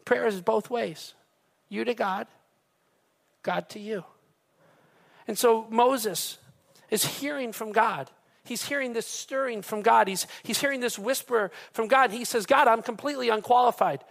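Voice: mid-range voice, a little slow, gravelly, pauses often, a bit bright. A pastor preaching a sermon in an emphatic way, talking straight to the congregation and repeating phrases for weight.

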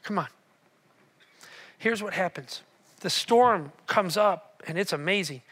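High bright-voiced male preacher. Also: takes it slowly. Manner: animated storytelling, swings from loud to hushed. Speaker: pastor. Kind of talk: sermon.

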